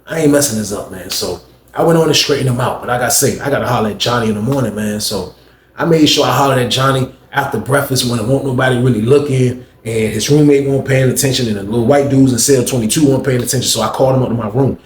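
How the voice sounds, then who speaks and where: A man's voice: mid-range voice, fast talker. A man casually telling a prison story in slangy speech, addressing listeners directly. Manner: slangy, talks to the audience directly. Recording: roomy echo.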